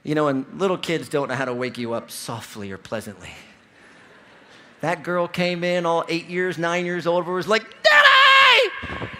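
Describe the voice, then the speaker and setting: On a large convention hall stage, a man in his forties from Ohio delivers an energetic motivational keynote to a big crowd. He tells stories and speaks directly to the audience. His voice is a little high at a normal speed, with slight background noise.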